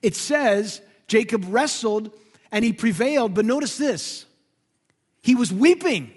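A man preaching a sermon as pastor, dramatic, swinging from hushed tones to loud emphasis. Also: very high voice, animated, a little slow, husky, in a large hall.

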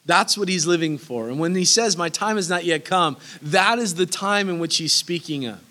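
Man preaching, high voice, bright and forceful tone, earnest, emphatic repetition, verse-by-verse sermon. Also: normal speed. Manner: earnest and emphatic, repeats key phrases; casual asides that break into laughter. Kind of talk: sermon, verse-by-verse Bible teaching.

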